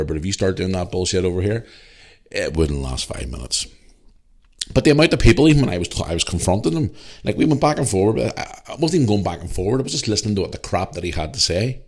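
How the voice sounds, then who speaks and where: Deep-voiced Northern Irish man, blunt. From Northern Ireland. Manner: blunt, heavily swearing, animated storyteller. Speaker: podcast host. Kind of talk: casual storytelling.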